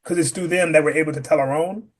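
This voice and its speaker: A man from upstate New York speaks as a podcast guest, voice sitting a bit higher than most men's. He is lively and animated, and he acts out the dialogue he quotes. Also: fast. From Rochester, New York. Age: adult parent. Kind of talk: conversational interview.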